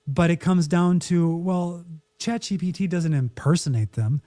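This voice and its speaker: Wry, mellow-voiced man. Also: fairly high pitch, unhurried. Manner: wry, opinionated, acts out quotes. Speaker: podcast co-host. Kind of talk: casual podcast chat.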